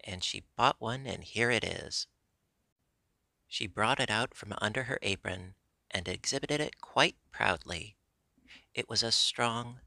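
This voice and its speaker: A man narrating an audiobook in a steady, measured way. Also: fairly low pitch, vocal fry, no echo.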